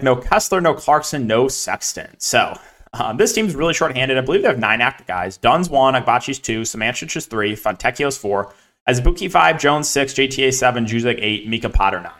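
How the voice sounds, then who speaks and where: A man's voice: mid-range voice, expressive, a bit bright. Casual young man rattling off sports picks. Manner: rapid, filler-heavy, lists names and numbers. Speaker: fantasy sports analyst. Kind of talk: casual solo podcast breakdown.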